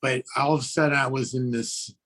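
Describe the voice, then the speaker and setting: A man in an online class telling a personal story, halting and searching for words, heard over a video call. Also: mid-range voice, fairly even intonation, fairly bright tone. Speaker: class participant. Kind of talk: casual sharing.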